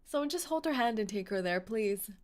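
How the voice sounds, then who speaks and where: A woman streaming a game, reacting excitedly with gasps, yells and jokes. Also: medium pitch, fairly quick. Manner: excitable, gasping, yelling, jokey. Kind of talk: casual let's-play commentary.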